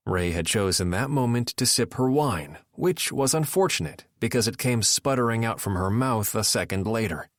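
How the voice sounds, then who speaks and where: A man narrating a romance audiobook in the first person, with expressive storytelling. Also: lowish voice, normal speed, hardly any pauses, no echo, studio quality.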